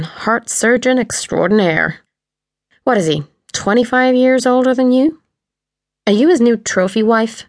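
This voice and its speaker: A woman's voice: medium pitch, gravelly, dry recording, studio quality. A woman voicing a sardonic male intruder who taunts in a mock cheery tone.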